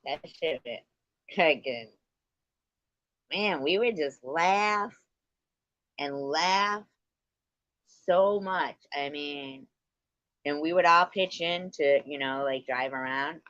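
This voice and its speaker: Woman, livestream host, casual storytelling, swears a lot, laughs often, unhurried, dull muffled stream audio. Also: deep voice, fairly bright tone, dry recording. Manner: profane, laughing often while recounting stories. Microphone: computer mic on a streaming call.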